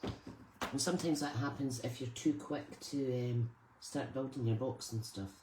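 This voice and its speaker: A Scottish woman with a very deep, darkish voice hosts a live crafting stream, speaking steadily at a measured pace. She chats casually and greets viewers by name while she works. There's slight background noise.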